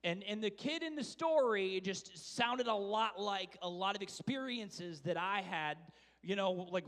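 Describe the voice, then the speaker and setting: A man's voice: high-pitched, fairly bright tone. A man giving a casual, rambling sermon, telling stories about his life and kids. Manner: rambling, chatty, self-deprecating storyteller. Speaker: preacher. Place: large church hall. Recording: reverberant church hall.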